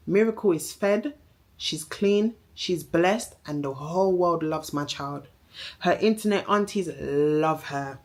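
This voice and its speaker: A woman's voice: lowish voice, normal speed. A young woman with a Jamaican accent delivering a heated, accusing, repetitive social media rant, swearing as she goes. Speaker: vlogger.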